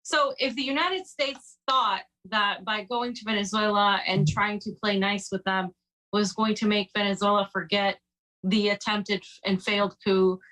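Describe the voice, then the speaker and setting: A woman's voice: mid-range voice, fairly even intonation, normal speed, fairly bright tone, low-quality recording. A woman co-hosting a casual news commentary show, chatty and sarcastic, with many fillers. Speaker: co-host.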